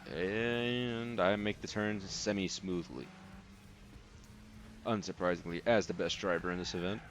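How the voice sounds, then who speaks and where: A young man casually commenting on a racing game as he plays, rambling and relaxed with lots of filler words. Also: low voice, unhurried, a little hiss or hum. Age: young adult. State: sleepy, yawning. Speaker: let's play host.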